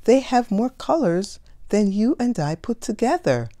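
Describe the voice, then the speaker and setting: A woman voicing a gentle, thoughtful male patchwork elephant in a picture book read aloud, speaking in a calm, wistful, unhurried way. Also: fairly high pitch, no room sound, voice pushed up.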